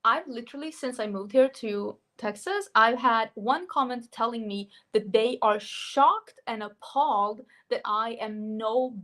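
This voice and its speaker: A woman's voice: on the high side, a little slow, hardly any pauses, a bit bright. A young woman from Sweden with a Swedish accent, chatting casually on a livestream and reading out viewer comments. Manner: chatty, laughs often, reads out viewer comments. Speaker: beauty vlogger hosting a livestream.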